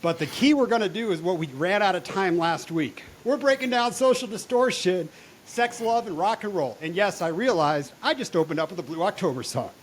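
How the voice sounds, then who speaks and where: A young man hosting a casual fantasy football podcast, loud, excitable and profane. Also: high-pitched, brisk, a little hiss or hum. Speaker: podcast host.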